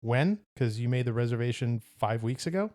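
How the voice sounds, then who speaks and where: A man's voice: medium pitch, expressive, moderate pace, darkish tone. A man co-hosting a podcast, chatting casually in a wry, matter-of-fact way. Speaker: podcast co-host. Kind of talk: casual chat.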